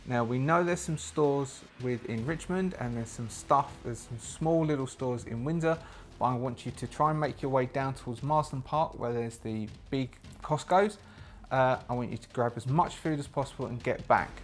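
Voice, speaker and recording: A man voicing a blunt woman who leads a survivor haven in a zombie role-playing game, in his own everyday voice, bossy and brisk as she hands out orders. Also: mid-range voice, lightly acted.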